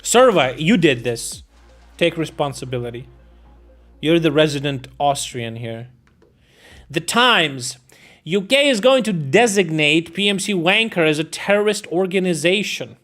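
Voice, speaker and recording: A fairly high-voiced man reads war news on a live stream and riffs on it with loose, profane jokes. He stumbles over names and laughs easily, with faint music under his voice. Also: expressive, measured pace, fairly bright tone. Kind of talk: casual live-stream commentary.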